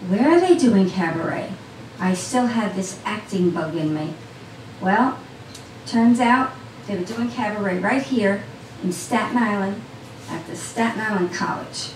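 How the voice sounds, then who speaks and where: A woman's voice: mid-range voice, a little slow, a little hiss or hum. Storyteller woman, chatty with the crowd, heard from far off in an echoey cafe with faint chatter. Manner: chatty, talks straight to the audience. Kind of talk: personal storytelling to a live audience. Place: small cafe event. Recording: roomy sound from a distant mic.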